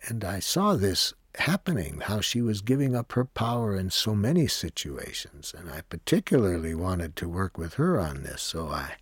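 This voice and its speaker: A man who leads workshops, telling a personal story in a slow, reflective way and acting out the dialogue. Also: sits low, very animated, slightly rough, dry recording, clean studio sound. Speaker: workshop leader. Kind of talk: personal storytelling between songs.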